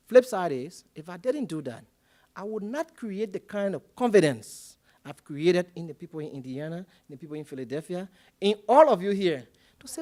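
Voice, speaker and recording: A man from Liberia, telling a personal story as a panel speaker at a public forum and acting out the conversations in it. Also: a little high. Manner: animated storyteller acting out quoted dialogue.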